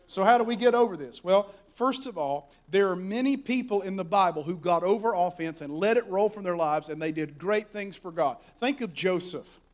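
A man preaching a sermon, telling Bible stories in an animated way that swings from soft asides to shouting. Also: high-pitched, normal speed, few pauses.

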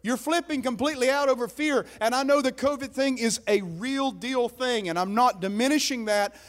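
A man's voice: very high voice, moderate pace. A man preaching a sermon as pastor, emphatic and exhorting his listeners.

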